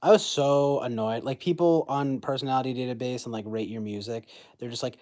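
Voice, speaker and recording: A young man in his twenties talks loosely into his phone on a stream, piling up fillers and restarts. His voice sits at an everyday middle pitch. He drifts between thoughts and teases himself as he goes. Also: a little fast, hardly any pauses, darkish tone. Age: 20s. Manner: rambling, filler-heavy, self-mocking. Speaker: livestreamer. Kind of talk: casual chat.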